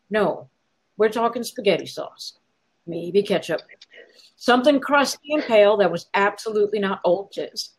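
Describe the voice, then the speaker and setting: A woman reads her own fiction aloud with a wry, sardonic edge. Her voice sits a little high, and she leans into the lines with lively expression. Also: husky, low-quality recording. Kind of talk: dramatic story reading.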